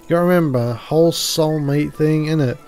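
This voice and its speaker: A man's voice: fairly high pitch, fairly quick, a little mellow, soft background music, lightly acted. A man reading out the lines of a cheeky little fairy sidekick, talking in a folksy, chummy way full of tag questions. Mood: chatty.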